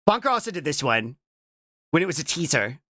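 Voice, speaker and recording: A young adult VTuber streamer chatting casually on a live reaction stream. They break into playful shouts and keep tossing out a questioning "what?". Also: medium pitch, sing-song, brisk, no echo, clean studio sound. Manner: keeps repeating a questioning "what?" between remarks; stumbles and restarts mid-sentence.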